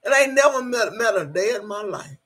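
A woman's voice: mid-range voice, expressive, fairly quick, a bit bright, husky. A middle-aged woman hosting a casual livestream, reading out the chat and talking straight to viewers, emotional and swearing freely.

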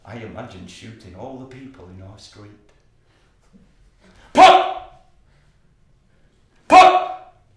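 An actor playing an order-obsessed psychopath. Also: male voice, fairly low pitch, a little hiss or hum, close to an everyday voice. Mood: gloating. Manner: slow, intense, swinging from whispers to outbursts. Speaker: stage actor. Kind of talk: theatrical monologue. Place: theatre stage. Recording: distant, echoey stage recording.

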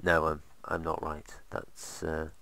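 A man's voice: extremely low pitch, completely flat delivery, slow pace, bright, forceful tone, dry recording. A man casually commentating while playing a game, rambling with sarcastic asides. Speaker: let's play host.

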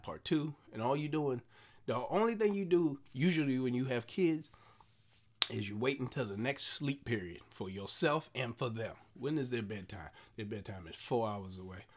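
A man in his forties, a comedian delivering an animated, repetitive monologue. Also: mid-range voice, moderate pace. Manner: animated storytelling with repeated phrases.

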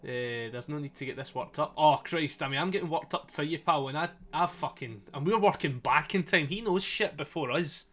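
A man giving excitable, sweary commentary while playing a game, laughing often. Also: a little high, a little fast, hardly any pauses. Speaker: gaming streamer. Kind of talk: casual let's-play commentary. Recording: faint game music behind.

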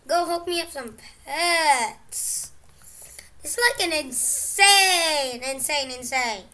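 Young woman from the Philippines, gaming vlogger, slow-talking but excitable, shrill and bright. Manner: excitable, bursts into loud exclamations. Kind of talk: gaming commentary.

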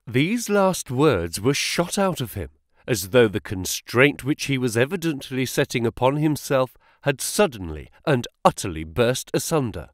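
A man's voice: medium pitch, big pitch swings, moderate pace, no echo, clean studio sound. A man reading a classic detective story aloud as narrator, voicing each character. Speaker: audiobook narrator.

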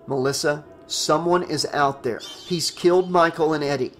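A man's voice: on the high side, normal speed, faint music behind, lightly acted. A panicked teenage boy, put on by a man narrating an audiobook barks warnings in a raised, urgent voice. He sounds protective and desperate to keep everyone inside. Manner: urgent, shouting.

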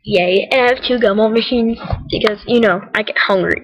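A young girl with a slightly high voice chats her way through a gameplay video. She rambles, corrects herself and giggles, sounding tired and chilly as she talks. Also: normal speed, low-quality recording. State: tired and cold. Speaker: gaming vlogger. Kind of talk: casual gameplay commentary.

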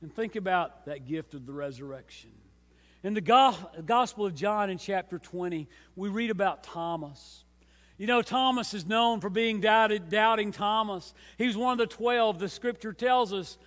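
A man pastor preaching a sermon with emphatic, repeated refrains, swinging between hushed and loud passages. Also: high-pitched, moderate pace. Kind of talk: Easter sermon. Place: church sanctuary. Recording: long church reverb.

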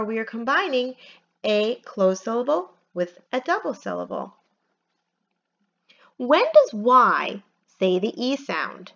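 A woman teaches a phonics lesson from home, sounding out each letter slowly and deliberately. Her voice sits a little high, and she keeps an unhurried classroom pace. The recording is dull and lo-fi. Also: a bit bright. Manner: slow, deliberate, spells letters one by one.

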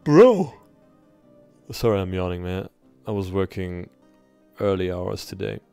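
Deep gravelly dude doing let's play commentary, slangy and offhand. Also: male voice, little pitch movement, normal speed, mellow, dry recording, faint music behind. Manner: slangy, offhand, says "bruh". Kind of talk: casual gameplay commentary, reading dialogue aloud.

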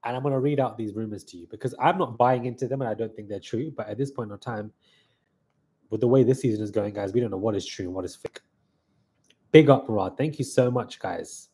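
A young man hosting a live reaction stream, excitable and hyped, calling out "guys" often, with a slightly stuffy nose. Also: on the low side, a little fast, a little hiss or hum. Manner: excitable hype talk, keeps saying "guys".

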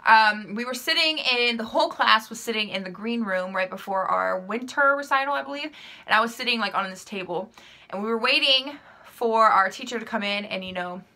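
A young woman talking straight to camera in a casual vlog, her voice bright and forward. She rambles freely, filling her answers with "like" and "um" and laughing at herself. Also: a little high, a little fast. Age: young adult. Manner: chatty, rambling, full of "like" and "um"; laughs easily, self-deprecating. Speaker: vlogger. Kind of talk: casual chat answering questions.

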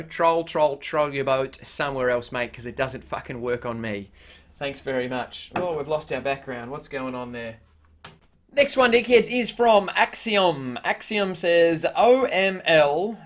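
A man's voice: on the high side, a bit bright. Blunt, foul-mouthed Australian man. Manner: blunt and heavily profane, with many "uh" fillers. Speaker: vlogger. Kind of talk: casual vlog chat.

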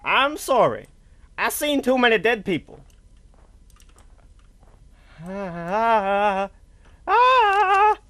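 Male let's player, high bright voice with wild swings, nervy, foul-mouthed, loud on purpose. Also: drawn-out words, pauses often. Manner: jumpy, swears a lot, screams at scares; talks loud on purpose to stay calm. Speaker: gamer playing a horror game. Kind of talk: let's play commentary.

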